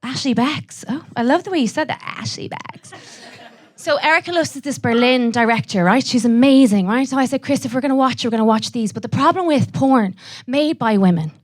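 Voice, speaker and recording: A young Irish woman doing a live stand-up set, brash and profane, throwing quick asides to the audience. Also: sits high. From Ireland. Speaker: stand-up comedian.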